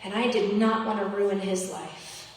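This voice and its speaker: A woman's voice: mid-range voice, fairly even intonation, measured pace, slight background noise. Woman giving an earnest keynote in an echoing hall. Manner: earnest, pleading, emphatic repetition. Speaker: keynote speaker. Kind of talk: impassioned personal testimony speech. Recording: echoey hall, voice from far off.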